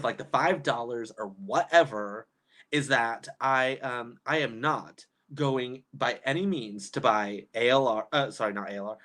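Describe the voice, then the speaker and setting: A woman holds a casual livestream and reads from the chat as she goes. She rants in an exasperated way, laughs often, and her pitch swings widely. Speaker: livestream commentator reading chat.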